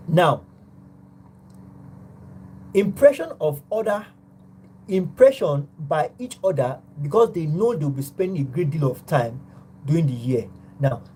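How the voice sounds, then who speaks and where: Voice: mid-range voice, dark tone, slight background noise, low-quality recording. A tutor gives an online psychology class, explaining step by step and opening many points with "now".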